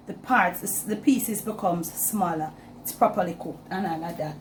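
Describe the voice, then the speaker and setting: A woman's voice: lowish voice, normal speed, a little hiss or hum. A woman with a Jamaican accent hosting a casual cooking demonstration in her home kitchen, chatting in a mix of patois and standard English. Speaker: cooking channel host.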